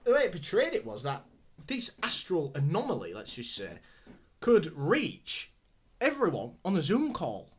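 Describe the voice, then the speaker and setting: A young man co-hosting a comedy podcast, telling a film plot with exasperated, animated storytelling. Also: a little high, normal speed, slightly rough. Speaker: podcast co-host. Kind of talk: comedic film review chat.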